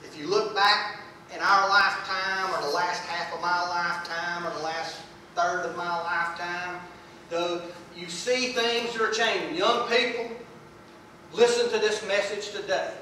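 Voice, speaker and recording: A man's voice: high voice, fairly even intonation, measured pace, sharp tone, slight background noise. A man preaching a sermon in a folksy, emphatic way, repeating words for stress. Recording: echoey room, voice from a distance.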